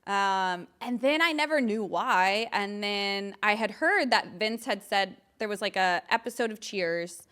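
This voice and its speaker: A woman in her thirties, a guest in a casual interview, telling animated stories with lots of laughter and acted-out quotes. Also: medium pitch, measured pace, few pauses, clean tone. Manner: giggly, animated, quotes others in voices.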